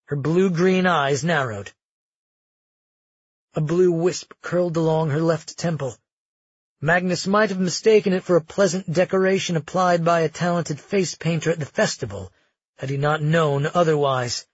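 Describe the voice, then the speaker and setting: A man narrating a fantasy audiobook in a steady, measured way. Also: fairly high pitch, slightly rough, no room sound, muffled recording.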